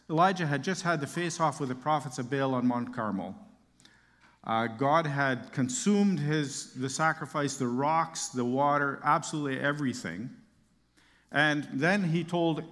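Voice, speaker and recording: A man's voice: medium pitch, fairly bright tone, big-room sound. A man preaching a sermon, reading Bible verses aloud and explaining them with casual asides and light humor.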